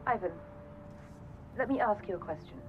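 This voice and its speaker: An actress playing a bitter, wounded wife. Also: female voice, medium pitch, expressive, normal speed, music in the background, natural voice. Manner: bitter, cutting. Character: hurt, cold wife confronting her husband. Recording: muffled phone line with hiss.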